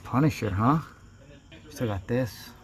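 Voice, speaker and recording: A man who collects toys, giving casual running commentary with quick, blunt verdicts and casual swearing while shopping in a toy store. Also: medium pitch. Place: busy toy store, indoors. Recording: crowded store noise behind.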